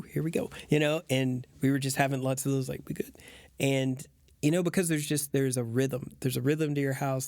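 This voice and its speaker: A man's voice: mid-range voice, creaky, a little mellow, dry recording, clean studio sound. A man, an adoptive father, telling a rambling story in casual chat with lots of fillers.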